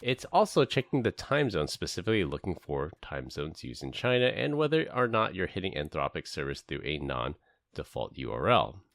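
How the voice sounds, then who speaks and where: A low-pitched middle-aged podcast host speaks at a moderate pace with vocal fry and no echo. On his casual tech show he tells animated stories, acting out whoever he's quoting.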